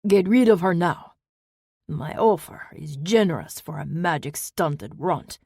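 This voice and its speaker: A woman's voice: fairly low pitch, expressive, unhurried, creaky, darkish tone, dry recording, clean studio sound, exaggerated voice. A woman reading an audiobook, voicing a menacing male crime boss with a growling Eastern European accent. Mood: threatening. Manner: growling, cold, leering.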